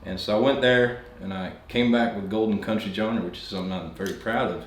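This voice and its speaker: A Swedish man in his thirties speaks with a thorough Southern US accent, a native Swedish speaker telling stories in a relaxed drawl. His voice sits low and steady. The room adds a noticeable echo. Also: fairly quick. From northern Sweden. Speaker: country singer, guest. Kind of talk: casual interview chat. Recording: echoey room.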